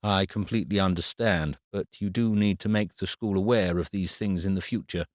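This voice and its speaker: A deep-voiced man reads a firm school official who sounds concerned. He speaks in a slow, measured way. The sound is close and dry. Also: no echo, lightly acted.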